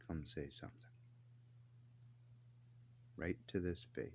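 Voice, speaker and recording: Deep-voiced man on a cursing rant. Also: steady tone, slow pace, a little mellow, a little hiss or hum. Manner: blunt, defiant, swears heavily. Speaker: vlogger. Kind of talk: angry profane rant to camera.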